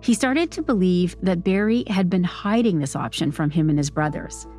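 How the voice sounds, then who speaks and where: A woman hosting a podcast, delivering measured, scripted documentary narration. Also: fairly low pitch, faint music behind. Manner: measured, even storytelling.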